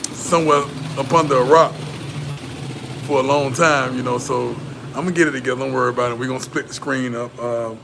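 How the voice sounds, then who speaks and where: A man from the American South hosts a relaxed livestream and reads his chat, talking profanely and loosely with frequent repeats and restarts. His mid-range voice is a bit bright, and there's a little hiss or hum in the audio.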